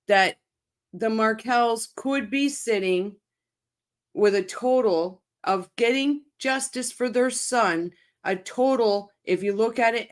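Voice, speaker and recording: A woman hosting a livestream, talking to her chat in a heated, swearing rant, angry and upset, speaking in short repeated bursts. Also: fairly high pitch. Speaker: channel host reacting to a court case. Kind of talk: livestream commentary, reading chat.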